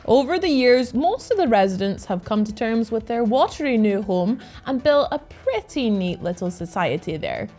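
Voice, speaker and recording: A woman presents game news from a script, her voice high and swinging widely in pitch. She sounds upbeat and lively, laughing easily between lines. Faint music plays beneath her. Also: moderate pace, hardly any pauses. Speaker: co-host of a gaming news show.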